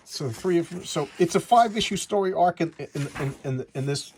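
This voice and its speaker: A man's voice: fairly high pitch, fairly quick, a little mellow, slight background noise. A man giving a casual, chatty comic book review, rambling through the story with frequent restarts.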